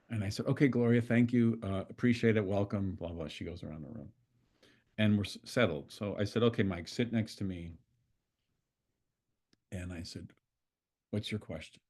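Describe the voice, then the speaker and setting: A man, a constellation facilitator, telling a story in a relaxed, conversational way and acting out the dialogue. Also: on the low side, normal speed, pauses often. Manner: conversational, acts out dialogue with swearing quotes. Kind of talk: storytelling in an online talk.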